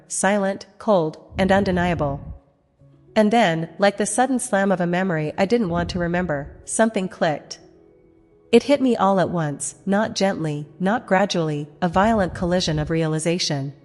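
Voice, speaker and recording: A woman narrating a first-person dramatic story in a measured voice with heavy pauses. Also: on the low side, a little mellow. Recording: long reverb, music behind.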